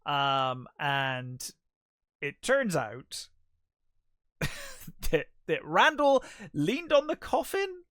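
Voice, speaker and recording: A man co-hosting a film podcast, with a bright, slightly high voice and a dry, close sound. He chats casually and fills his retellings with "um"s, "he's like" and laughter. The talk is loose and conversational. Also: big pitch swings, very slow, long pauses, dry recording. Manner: retells scenes in quoted voices, laughs often, many fillers. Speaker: podcast co-host. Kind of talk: casual film review chat.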